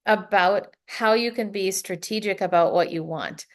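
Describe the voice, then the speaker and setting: A middle-aged woman from the United States, a podcast guest telling stories in a casual, animated way, laughing often and acting out what people said. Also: medium pitch, moderate pace. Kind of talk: casual storytelling.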